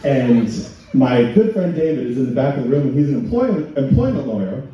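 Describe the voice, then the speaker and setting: A man doing a stand-up set, telling crude stories in a deadpan way and putting on voices for the people he quotes. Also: mid-range voice, fairly quick, slight background noise. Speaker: stand-up comedian. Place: comedy night in a function hall. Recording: echoey hall, distant, dull and lo-fi. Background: audience laughter.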